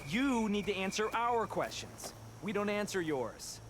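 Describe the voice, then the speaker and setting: An actor voicing a hotheaded, confrontational young warrior in a video game, speaking in a brusque way. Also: male voice, high voice, sing-song, measured pace, a bit bright, a little hiss or hum, full character voice. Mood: defiant. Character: hostile young tribal warrior man, hotheaded.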